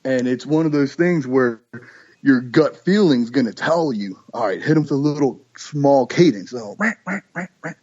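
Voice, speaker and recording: A man, a duck call maker, chatting casually on a podcast and telling lively stories with imitated calls. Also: medium pitch, moderate pace, lo-fi sound. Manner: animated storyteller, imitates duck calls and voices.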